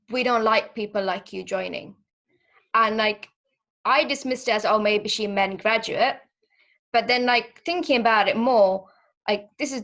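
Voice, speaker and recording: A woman's voice: medium pitch, fairly bright tone. A young woman with a mid-range voice speaks on a video call. She hosts the discussion and recounts her own experience thoughtfully, peppering her speech with casual fillers. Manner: reflective, with frequent 'like' fillers. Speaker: panel host.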